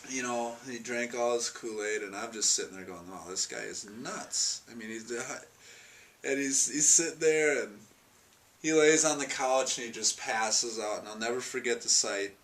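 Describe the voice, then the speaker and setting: A man's voice: mid-range voice, moderate pace, fairly bright tone. A man telling a fond, rambling personal anecdote in an interview, with many restarts and chuckles. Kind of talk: storytelling anecdote. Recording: distant mic, faint noise.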